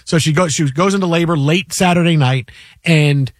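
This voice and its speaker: Sports radio host, man in his forties, high-pitched and lively, dry close mic. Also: moderate pace, no room sound. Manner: animated storyteller, acts out quotes. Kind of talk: casual sports talk.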